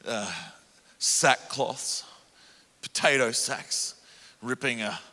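A middle-aged evangelist tells stories from the pulpit, animated and self-mocking, often breaking into laughs. His voice is bright and forceful, in a mid register. Long reverb from a large hall trails his words. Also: mid-range voice. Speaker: evangelist preacher. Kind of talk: storytelling sermon. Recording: echoey hall.

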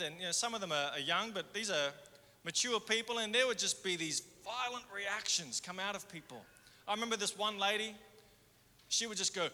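A man preaching a sermon in a conversational way, moving between fervent and hushed. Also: high voice, expressive, brisk. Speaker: pastor. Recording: hall reverb.

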